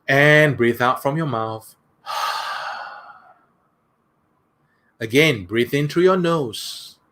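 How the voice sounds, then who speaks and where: A man, a workshop speaker leading a guided breathing exercise in a slow, soothing way, often saying "that's right". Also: mid-range voice, fairly bright tone.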